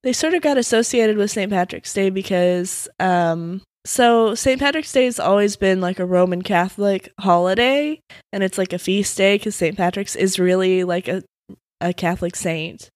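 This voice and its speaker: A woman podcast co-host casually retelling folk stories in a relaxed, sleepy way, with many fillers. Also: mid-range voice, normal speed, no room sound, clean studio sound. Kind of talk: casual storytelling chat.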